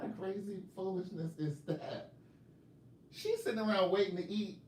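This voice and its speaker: A man's voice: high-pitched, normal speed, roomy sound, a little hiss or hum. A man author chatting casually on a live stream, telling stories and teasing his viewers. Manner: animated storytelling, joking, teasing viewers.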